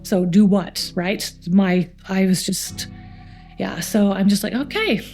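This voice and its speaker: Middle-aged Canadian woman, gravelly and mellow, youth centre coordinator, lively anecdotes with quoted voices. Faint guitar underneath. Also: mid-range voice, takes it slowly. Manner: warm anecdotal storytelling, acts out quoted voices. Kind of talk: storytelling interview.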